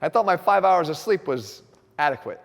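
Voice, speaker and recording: A man's voice: on the high side, lively intonation, moderate pace. A male fitness coach filmed in a gym, addressing viewers directly and energetically as he explains his training approach. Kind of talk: instructional fitness video. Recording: reverberant gym room.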